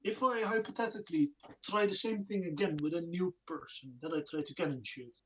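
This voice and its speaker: A woman playing a tabletop game, asking playful rules questions in a drawn-out way. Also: fairly low pitch, a little hiss or hum, poor audio. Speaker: player. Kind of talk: casual chat at a tabletop game.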